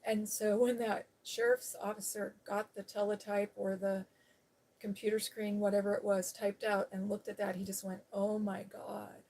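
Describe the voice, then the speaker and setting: A woman hosting a live stream speaks at a moderate pace with a level, slightly mellow, mid-range voice. In a frank, rambling casual chat about something personal, she uses lots of "you know" and laughs occasionally.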